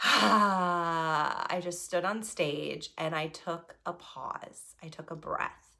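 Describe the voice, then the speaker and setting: A woman with a slightly low voice tells a personal story in a loose, chatty monologue. She is animated, lifts her voice sharply when reliving nervous moments, and keeps checking in with a quick "right?". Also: vocal fry. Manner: chatty, keeps asking "right?" between thoughts. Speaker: improviser and solo stage performer.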